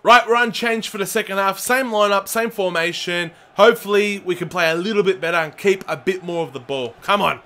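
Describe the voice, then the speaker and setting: A man commentating his own football video game, excitable and shouting at the players and the referee. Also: high-pitched, fairly quick, few pauses. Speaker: gaming channel host.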